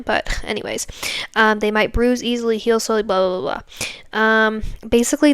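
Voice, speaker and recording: A young woman in her twenties tells her own story on a podcast, rambling from point to point and tagging sentences with little checks to the listener. Her voice sits a bit high and sounds smooth and clear. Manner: chatty, rambling with many fillers and tag questions. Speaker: podcast host. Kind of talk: casual personal storytelling.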